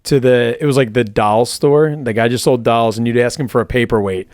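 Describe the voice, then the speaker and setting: A man's voice: medium pitch, fairly even intonation, brisk, darkish tone, dry recording, clean studio sound. A man telling crude, joking stories in casual podcast banter. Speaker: podcast guest.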